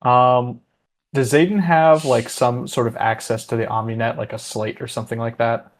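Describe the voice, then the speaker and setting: A man's voice: mid-range voice, flat delivery, normal speed. A man narrating a tabletop role-playing game as game master, casual and loose with fillers.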